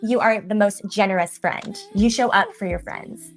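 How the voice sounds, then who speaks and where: Actress as an over-eager interviewer, gushing praise, faint music behind. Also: female voice, mid-range voice, moderate pace, lightly acted. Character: gushing fawning talk-show interviewer, woman. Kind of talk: comedy skit acting.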